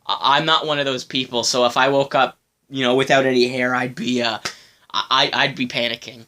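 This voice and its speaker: A man's voice: mid-range voice, little pitch movement, a little fast, bright, forceful tone. A man giving casual reaction commentary on a video, stammering, giggling and apologizing as he talks.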